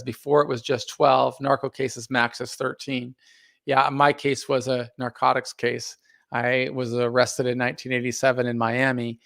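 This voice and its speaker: A man's voice: medium pitch, fairly bright tone, smooth, dry recording, clean studio sound. A middle-aged man hosting a casual live stream, speaking earnestly and thoughtfully with many fillers and restarts. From United States. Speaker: live stream host reading viewer comments.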